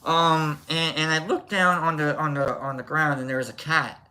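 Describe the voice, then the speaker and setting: Bright-sounding streamer rambling through a story, says hi to chat a lot. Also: mid-range voice, fairly even intonation, moderate pace. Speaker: live stream host. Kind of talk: casual live stream chat.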